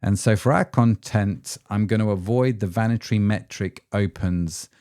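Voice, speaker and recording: A man's voice: lowish voice, normal speed, darkish tone, no echo, clean studio sound. A man hosting a solo podcast as an ecommerce founder, chatty and self-deprecating, with frequent rhetorical tag questions.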